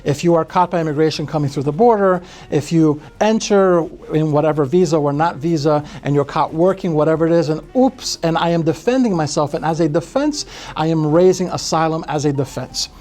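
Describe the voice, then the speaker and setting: A man from Brazil, an immigration lawyer, explaining cases in a podcast interview with animated delivery. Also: a little high, fairly quick. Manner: animated, acts out quotes in other voices.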